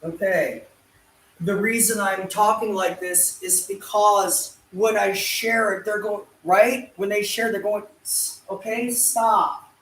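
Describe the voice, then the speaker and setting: A man's voice: high voice, fairly even intonation, slow, a bit bright, a little hiss or hum. A man recording his own vlog who repeats himself, pleads again and again, and talks in grand terms. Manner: repeats words, pleads over and over, grand wording. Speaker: YouTube vlogger. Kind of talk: self-narrated vlog, arguing off camera. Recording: roomy sound, mic far from the speaker.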